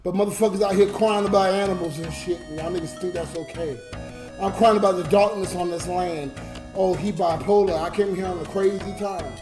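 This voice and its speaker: A man's voice: high-pitched, steady tone, fairly quick. A drunk man rambling emotionally to his viewers during a late-night livestream, reading donations between rants. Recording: roomy with music behind. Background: music.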